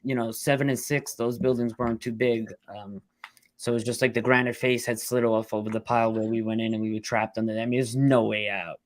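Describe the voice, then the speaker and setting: A middle-aged man, a rescue worker telling his story in an interview, blunt and halting, fighting back tears. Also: mid-range voice, fairly even intonation, no echo. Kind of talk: emotional storytelling.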